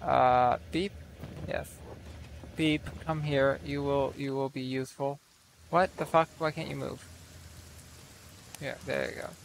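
Slow, gravelly man narrating his gameplay. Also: mid-range voice, fairly even intonation, a little hiss or hum. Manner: casual, profane, incredulous. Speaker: gaming video creator. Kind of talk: let's play commentary.

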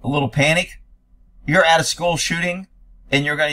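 A man with a slightly raised pitch gives an angry reaction commentary. He is blunt and sarcastic and swears freely, and he talks like a man fed up with what he is watching. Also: fairly even intonation, fairly quick, pushed and bright. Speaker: commentator reacting to news footage.

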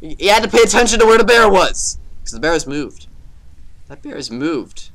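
A man giving jokey let's-play commentary on a horror game, talking back to the game and swinging between loud bravado and muttering. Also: high-pitched, big pitch swings, moderate pace. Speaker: gaming video host.

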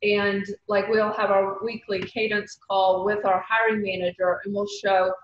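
A woman's voice: medium pitch, level tone, measured pace. A woman with a Southern accent talks through her point in a chatty, filler-laden way on a video call. Her voice sits in the middle of her range. The audio is muffled and echoey, with a faint hiss underneath. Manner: chatty, explanatory, full of fillers. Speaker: recruiter on a panel. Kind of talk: casual panel discussion.

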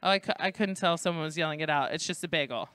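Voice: medium pitch, rapid-fire, sharp tone, clear, resonant tone, dry recording. A host with a New York accent runs a live trivia game show at a student event, tossing playful jokes to the audience. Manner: jokey, playful asides to the audience. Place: indoor student event at a library.

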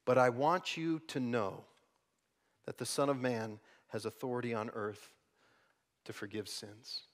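A man preaching a sermon as pastor, dropping to soft, hushed lines and then building to loud, emphatic passages. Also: mid-range voice, steady tone, a little slow. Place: church sanctuary.

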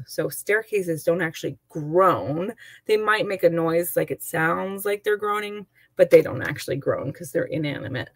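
A woman's voice: lowish voice, animated, normal speed, no room sound. A woman teacher giving an online lesson, chatty and explaining with examples and asides.

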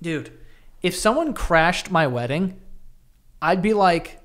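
A young man hosting a podcast, joking around in a relaxed way and swearing often. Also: high-pitched, takes it slowly. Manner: laid-back, joking, swears a lot. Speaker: podcast host. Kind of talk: casual chat.

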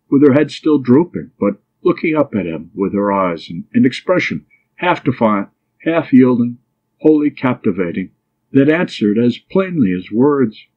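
Man narrating a storybook, breathy husky voice, muffled lo-fi sound. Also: medium pitch. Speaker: audiobook reader. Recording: dull lo-fi recording.

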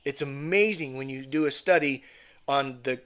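A man's voice: medium pitch, moderate pace, a bit bright. A man leading a home Bible study in a conversational sermon style, often checking in with his listeners. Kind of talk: informal sermon teaching. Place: home fellowship gathering.

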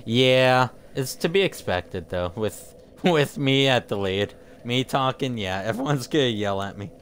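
An animated, fairly bright-toned man speaks unhurriedly at a medium pitch while gaming on stream. His casual talk with live viewers is rambling and full of jokes, and he keeps tripping over his words; a little hiss or hum is audible.

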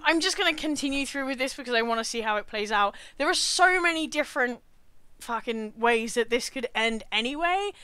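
High, bright British woman swearing loudly. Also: smooth, no echo. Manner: swears constantly, loud exasperated outbursts. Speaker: game streamer. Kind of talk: live-streamed gameplay commentary.

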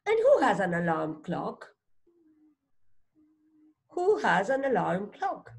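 A woman reading a phonics storybook aloud as a teacher, slowly sounding out words, asking questions and praising a child. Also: mid-range voice, wildly swooping pitch, vocal fry, a little mellow. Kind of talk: slow read-aloud lesson for a child.

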